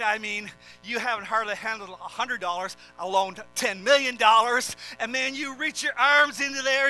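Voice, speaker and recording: A man preaching a sermon and telling a vivid, animated story to his congregation. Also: very high-pitched. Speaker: pastor.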